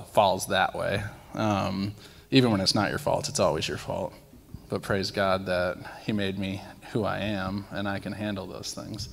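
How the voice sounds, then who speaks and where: A young man giving a casual sermon, sharing testimonies with animated storytelling and acted-out quotes. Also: low-pitched, gravelly, a little hiss or hum. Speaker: lay speaker sharing testimonies. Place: church sanctuary. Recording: long reverb of a church hall.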